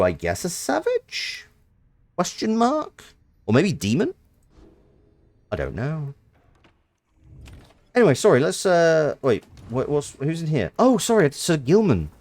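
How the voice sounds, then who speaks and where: A man's voice: mid-range voice, a little mellow, no room sound. A man streaming a game live, chatting casually and thanking viewers. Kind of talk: live-streamed game playthrough with reading aloud.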